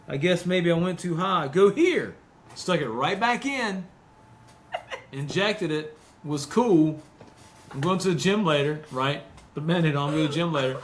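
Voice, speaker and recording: Animated storytelling man. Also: a little high, moderate pace. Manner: animated, acts out quotes, laughs often. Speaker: podcast co-host. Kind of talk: casual storytelling.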